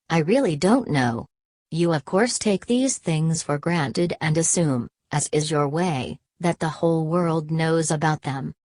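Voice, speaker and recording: A woman voicing a nervous, deferential male visitor in a read-aloud story, in a calm, measured way. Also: deep voice, no echo, studio quality.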